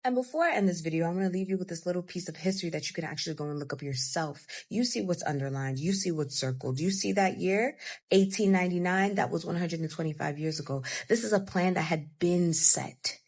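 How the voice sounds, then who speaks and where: A woman's voice: fairly low pitch, fast, a little mellow. A woman giving heated, profane political commentary to camera.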